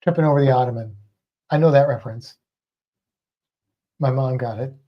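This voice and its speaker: A man's voice: medium pitch, moderate pace, highs cut off. A man co-hosting a livestream in casual chat. He rambles, hesitates often and laughs a lot. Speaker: livestream co-host.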